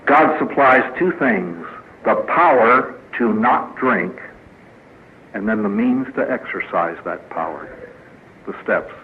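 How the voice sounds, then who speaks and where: Male priest speaker, animated and funny, tinny archival tape. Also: on the low side, takes it slowly. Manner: storytelling with punchlines, voices quoted characters. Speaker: priest speaking at a recovery meeting. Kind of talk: humorous inspirational talk. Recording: tinny lo-fi archive recording with faint hiss.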